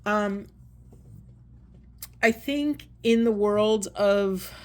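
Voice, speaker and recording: Woman, oracle card reader, soft and earnest, meandering delivery with fillers. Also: mid-range voice, very slow. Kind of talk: spiritual card reading talk.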